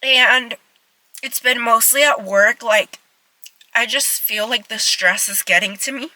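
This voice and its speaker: A twenty-something vlogger rambles to her phone camera inside a car, chatty and heavy on "like," sounding tearful and emotional. Her voice is a little high and sharp, and she speaks a little slowly. The recording is dry and the audio poor.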